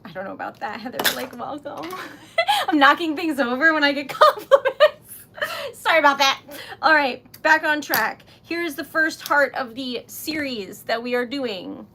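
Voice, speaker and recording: A woman's voice: high-pitched, sing-song, moderate pace, sharp tone. A woman hosting a casual craft livestream, chatty and easily flustered, laughing often. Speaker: livestream host making wax seal stickers.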